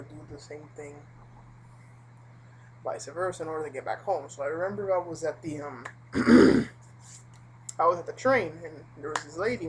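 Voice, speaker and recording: A woman's voice: deep voice, slight background noise, poor audio. A woman telling a personal story in a casual, rambling vlog, full of fillers and asides. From Puerto Rico. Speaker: vlogger.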